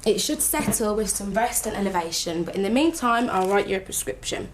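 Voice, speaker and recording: An actress playing a chatty, teasing nurse in a television drama. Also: female voice, mid-range voice, animated, brisk, a little hiss or hum, lightly acted. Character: chatty, cheeky nurse treating a wound.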